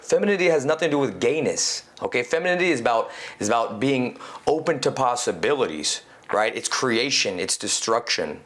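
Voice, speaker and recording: A man talking as a podcast guest in casual conversation, animated and swearing casually, peppering his talk with "you know". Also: mid-range voice, a little fast, few pauses. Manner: animated, acts out quoted inner voices.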